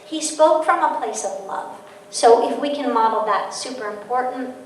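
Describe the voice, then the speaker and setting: A middle-aged woman giving a lively parenting talk to an audience, telling stories and acting out quoted voices. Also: high voice, normal speed. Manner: storytelling with quoted voices and laughter. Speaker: guest speaker on parenting. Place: large hall. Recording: echoey hall from far off, faint noise.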